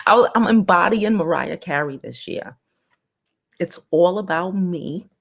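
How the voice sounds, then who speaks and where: A woman hosting a casual livestream, talking bluntly with profanity and reading viewers' comments aloud in a lowered, softened voice. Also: vocal fry. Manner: putting on a lower, softer new voice. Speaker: livestream host.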